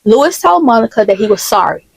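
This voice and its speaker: A woman's voice: on the high side, big pitch swings, fast talker, vocal fry, breathy edge, no room sound, low-quality recording. A woman storyteller narrating a dramatic story recap in a plain, conversational way.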